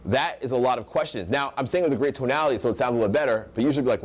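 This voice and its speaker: A man's voice: medium pitch, racing, hardly any pauses. A young American man leads a live seminar on social skills, speaking in a mid-range voice that carries across the room. He talks with energy and makes his points by acting out how other people sound. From United States. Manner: energetic, projecting, acts out example voices.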